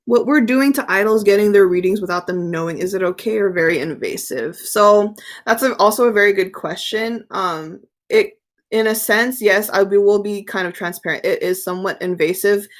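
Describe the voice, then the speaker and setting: Speaking fairly quickly at a medium pitch, a young woman hosts a casual tarot live stream. She reads incoming viewer questions out loud and answers them candidly and easily, in a chatty way, like she's among friends.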